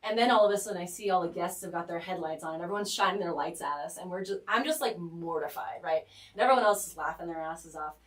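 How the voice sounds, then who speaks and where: A woman as a radio guest, telling a rambling story with animated, laughing delivery and lots of "like" fillers. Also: on the low side, fast, hardly any pauses, reverberant, far from the mic, rough recording. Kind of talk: casual storytelling. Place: radio studio.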